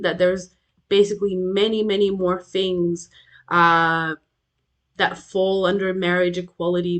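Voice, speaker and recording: A young adult woman with an Australian accent, a tutor explaining a lesson over slides, with fillers and frequent checks like "okay?". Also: fairly low pitch. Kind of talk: recorded lecture over slides.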